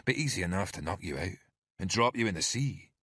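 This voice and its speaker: Male narrator as a Scottish-accented thug, deep, husky, menacing threats, audiobook. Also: lively intonation, fairly quick, bright, forceful tone, dry recording, studio quality, heavily acted.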